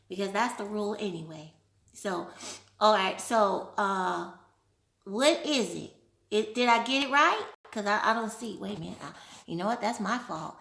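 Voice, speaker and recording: A woman hosting a casual live stream, playful and animated, laughing often while she answers viewer questions. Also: medium pitch, moderate pace, vocal fry, roomy sound. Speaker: livestream host.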